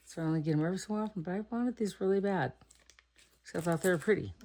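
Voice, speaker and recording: With a fairly low, slightly mellow voice and quick delivery, a middle-aged Texas woman chats about her card-making, thinking aloud as she crafts.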